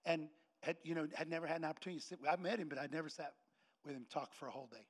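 A middle-aged pastor races through a storytelling sermon in a slightly high voice. He preaches in a lively, anecdotal way and acts out the voices of the people in his stories.

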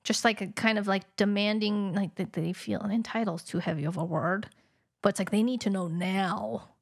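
A woman's voice: mid-range voice, steady tone, moderate pace. A woman from Utah co-hosting a podcast, musing and searching for her words in casual chat. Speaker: podcast co-host.

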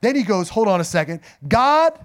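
High-pitched guy pastor preaching, acts out the bible quotes dramatically. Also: expressive, fairly quick. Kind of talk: sermon.

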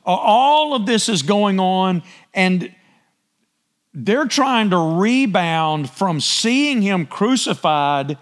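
A man preaching a sermon in a conversational way, often asking his listeners for agreement and clearing his throat. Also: high voice, lively intonation, very slow. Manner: conversational, asks the congregation for agreement. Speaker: pastor.

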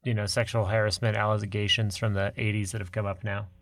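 A man's voice: lowish voice, little pitch movement, fast talker, gravelly, fairly bright tone, no room sound. A man co-hosting a podcast, bantering casually and laughing often. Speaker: podcast co-host. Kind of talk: casual chat.

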